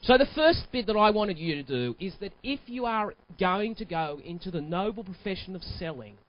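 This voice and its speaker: A man's voice: sits high, normal speed. A man giving a live motivational sales keynote, theatrical and acting out little scenes, heard in a dull lo-fi recording. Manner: animated, theatrical, acts out scenes. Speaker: keynote speaker. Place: stage at a live keynote event.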